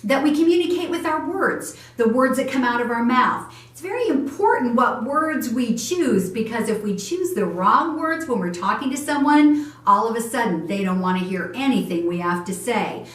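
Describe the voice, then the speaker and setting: A woman teaching a church family class on communication, gentle and encouraging, showing how tones of voice sound. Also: a little high, lively intonation, moderate pace. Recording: echoey room, voice from far off.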